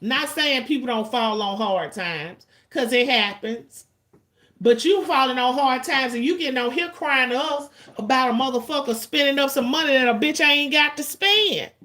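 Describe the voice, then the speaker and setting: A woman in her forties hosting a livestream, venting to her chat in a blunt, profane, rapid-fire way and stretching out the lines she wants to stress. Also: sits high, pushed and bright. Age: 40s. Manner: drawn-out emphatic lines. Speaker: livestream host. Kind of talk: casual ranting to chat.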